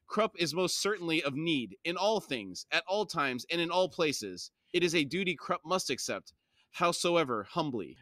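A man's voice: on the high side, sing-song, normal speed, bright, forceful tone, pitched above the performer's own voice. A man putting on a pompous, flowery trickster. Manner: flowery, grandiose, speaks of himself in third person. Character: pompous verbose man, self-important trickster. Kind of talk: podcast book reading with character voices.

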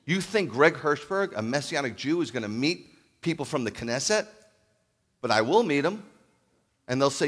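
A man preaching a sermon as a rabbi, animated, acting out loud calls and then dropping to a hushed voice. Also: mid-range voice, normal speed. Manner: animated, acts out calls and shouts, then drops to near-whisper. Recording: long hall reverb.

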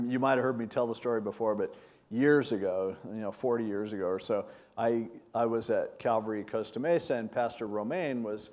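Older male pastor in his sixties, relaxed conversational sermon delivery, lively when telling a story. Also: medium pitch. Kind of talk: sermon teaching.

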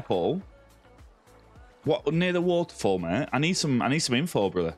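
A man's voice: mid-range voice, sing-song, moderate pace, soft background music. An Australian man live-streaming a game, chatting casually and greeting viewers by name, calling them mate and buddy. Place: home streaming setup with a ring light.

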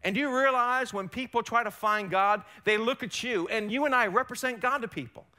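A man's voice: very high voice, brisk, bright, forceful tone. A man preaching a sermon as pastor in a church, emphatic and rising and falling in force. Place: church sanctuary.

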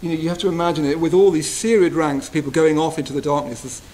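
A man giving a gentle, reflective Buddhist retreat talk, often checking in with his listeners. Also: on the high side, steady tone, quick pace, a little hiss or hum, low-quality recording. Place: retreat hall.

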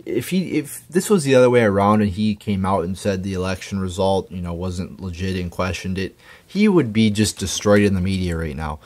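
Deep-voiced man in a profane rant. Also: animated, a little fast, darkish tone. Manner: profane, stammering, indignant. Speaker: political commentator. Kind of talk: angry political rant.

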